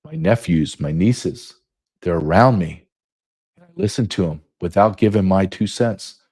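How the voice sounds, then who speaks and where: Deep, dark-voiced man in his fifties. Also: a little slow. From United States. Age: 50s. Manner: emphatic, repetitive. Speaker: podcast host. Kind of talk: monologue.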